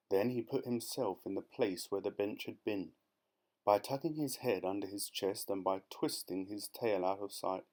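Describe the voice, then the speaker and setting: A man reading a children's storybook aloud with a lively, expressive delivery. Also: on the low side. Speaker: audiobook reader.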